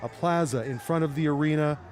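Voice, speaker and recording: A man narrating a news report in a steady, scripted voice-over. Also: on the high side, fairly quick, a little hiss or hum.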